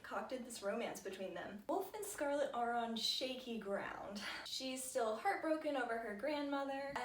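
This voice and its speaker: A woman with a high, bright-pitched voice gushes through a casual chat about a book, peppering her sentences with fillers. She sits a bit back from the mic in an echoey room at home. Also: recorded from a distance, slight background noise. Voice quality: bubbly, gushing, frequent "like". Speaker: book reviewer.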